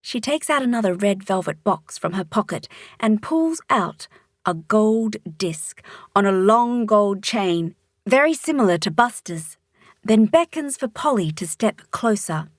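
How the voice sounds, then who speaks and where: A woman reading a children's storybook aloud, narrating calmly and expressively. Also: medium pitch, unhurried, no room sound, clean studio sound.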